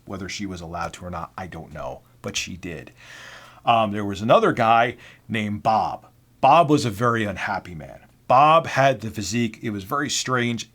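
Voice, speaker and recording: A middle-aged man vlogger telling personal work stories in a candid, sardonic, conversational way. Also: fairly low pitch. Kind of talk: casual storytelling.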